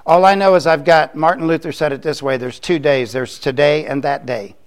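A man's voice: on the high side, steady tone, a little fast. An older man from Florida, preaching a sermon in a conversational way, with joking asides. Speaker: pastor.

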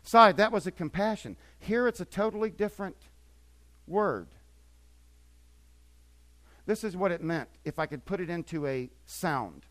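An older man preaching a sermon as pastor, swinging between quiet asides and emphatic, repetitive points. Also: high voice, expressive, unhurried, pauses often.

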